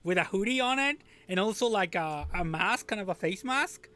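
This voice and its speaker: A man's voice: high voice, animated, normal speed, pushed and bright. A young man playing in a tabletop game, speaking casually with hesitant stammers and easy laughs. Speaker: player.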